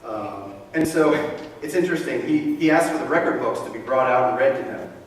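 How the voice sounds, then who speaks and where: A male pastor preaching a sermon, telling the story in a conversational, animated way with casual asides. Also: medium pitch, brisk. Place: church sanctuary. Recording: echoey hall, mic far from speaker, faint room noise.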